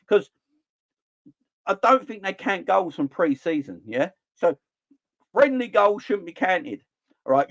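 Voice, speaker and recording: A middle-aged man ranting about football in an animated, exasperated way. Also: fairly high pitch. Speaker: football channel host. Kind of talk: opinionated football rant.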